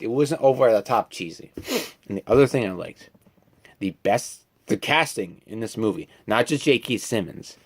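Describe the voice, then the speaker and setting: Twenties male film reviewer, animated and talky, very expressive pitch. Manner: animated and chatty, full of fillers and asides. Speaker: movie reviewer.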